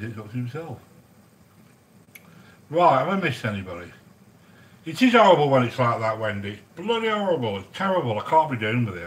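Heard through poor audio, a middle-aged man with a medium-pitched voice cooks a curry on a livestream. He chats casually and matily with viewers, calling them sweetheart.

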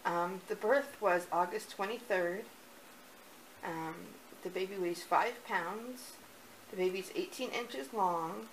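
A young woman speaks at an unhurried pace, gasping and cooing as she unboxes gifts in a casual vlog. Her voice sits in a mid register. A faint hiss of room noise stays under her voice throughout. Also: medium pitch, low-quality recording. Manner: gushing, excited, breathy gasps. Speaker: vlogger.

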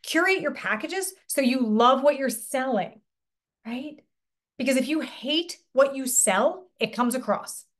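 A woman's voice: high-pitched, animated, unhurried. A middle-aged woman business coach giving a casual, chatty live online lesson, often asking her listeners questions and swearing lightly.

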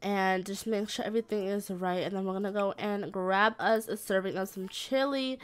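A woman's voice: medium pitch, steady tone, normal speed, clean tone. A woman giving casual, slangy gameplay commentary, talking to her game characters like a mom scolding and cooing at her kids. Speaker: gaming video creator.

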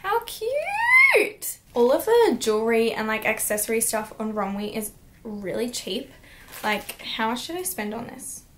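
A woman's voice: on the high side, lively intonation, moderate pace, a little hiss or hum. A young woman in a casual haul vlog, talking to camera at home with a bubbly, gushing, chatty manner. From Australia. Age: young adult. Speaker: vlogger.

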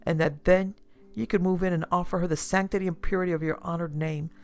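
A woman voicing a calm shrewd detective. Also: fairly low pitch, quick pace, lightly acted. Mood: calmly accusing. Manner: casual, even tone while accusing.

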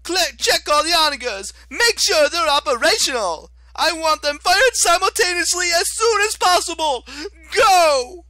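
A man voicing a shrill, arrogant young male augur who shrieks frantically. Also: lively intonation, unhurried, bright, forceful tone, no room sound, clean studio sound, full character voice. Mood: shrieking fury.

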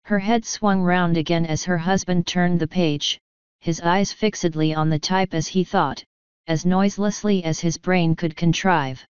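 A woman reading an audiobook in calm, even, scripted narration. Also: on the low side, unhurried, smooth, no echo. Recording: dull lo-fi sound.

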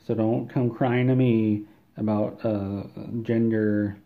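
A man telling an absurd comedic story in a deadpan, rambling way, often repeating words. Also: on the low side, takes it slowly, phone-quality sound.

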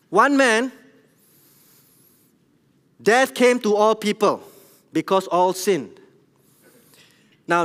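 A middle-aged man with a Singaporean English accent, preaching a church sermon in an animated, conversational way and asking the congregation questions. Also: sits high. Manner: animated, conversational, tells jokes at his own expense, asks the congregation questions. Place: large church hall. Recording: long hall reverb.

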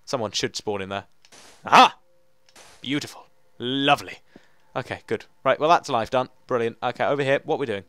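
A man's voice: medium pitch, moderate pace, long pauses, bright, forceful tone, smooth, no echo. Chatty man narrating his gameplay. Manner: chatty, talks to himself, jokingly dramatic. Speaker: Let's Play gamer. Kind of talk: gaming commentary.

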